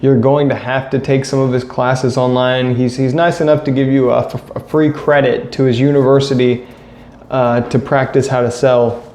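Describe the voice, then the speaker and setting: A man's voice: medium pitch, little pitch movement, normal speed, a little mellow. A man in a casual, blunt rant to camera, criticizing and repeating his points. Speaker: vlogger. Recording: echoey room with faint ambient noise.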